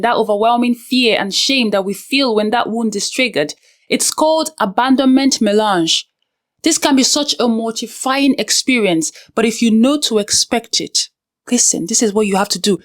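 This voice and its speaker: A young woman with a high voice talks straight to the viewer, coaching them through painful feelings. She is earnest and direct, with frank personal asides woven into her advice. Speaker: self-help video host. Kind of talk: direct-to-camera advice talk.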